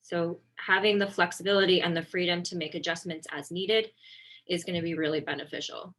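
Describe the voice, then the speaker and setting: A woman's voice: on the low side, fairly quick. Chatty woman therapist teaching with slides. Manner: relaxed and conversational, with frequent ums and self-corrections. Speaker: occupational therapist presenting a webinar. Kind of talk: informal instructional talk over slides.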